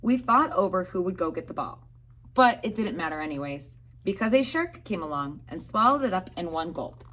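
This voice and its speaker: A woman teacher reading a picture book aloud to young children in an expressive storytelling way. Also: fairly low pitch, moderate pace, slight background noise.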